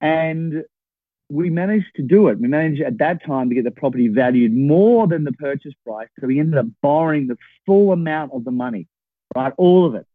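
A man in his sixties, a guest telling an animated story and checking in with his listeners as he goes. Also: fairly high pitch, normal speed, no echo. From Australia. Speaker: podcast guest, property investor. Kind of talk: storytelling in a conversation. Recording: tinny phone-like line, dry.

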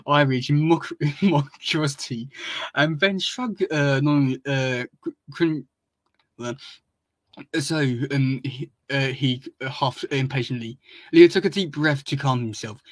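A man hosting a podcast, reading fan fiction aloud in a halting way, full of ums, restarts and wry asides. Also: medium pitch, dry recording. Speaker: podcast host.

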